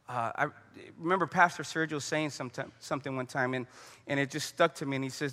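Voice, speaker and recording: A man's voice: a little high, sharp tone, big-room sound. A man preaching a conversational sermon, telling stories and praying aloud. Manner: conversational preaching with storytelling and prayer. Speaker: pastor.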